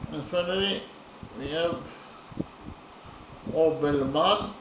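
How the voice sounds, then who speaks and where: A man giving a lesson on poetry in a slow, deliberate way, counting syllables aloud, with frequent fillers. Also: a little high. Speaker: lecturer on poetry. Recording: echoey room with audible background noise.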